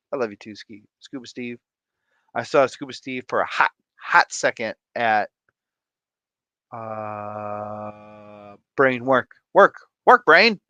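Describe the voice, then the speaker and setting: A man in his thirties chats casually with viewers on a live stream, bouncing all over in pitch while keeping a slow, unhurried pace. His voice is bright and a little tired, and the sound is dry and slightly muffled. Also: dry recording. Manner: playful, sing-song, calls out viewer names. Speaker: livestream host.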